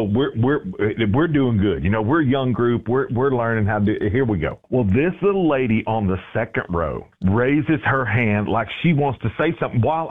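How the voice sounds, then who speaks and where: Lively man telling stories on a phone line. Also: mid-range voice. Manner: animated storyteller, repeats words, many "you know"s. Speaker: worship pastor and guest. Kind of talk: radio talk show conversation.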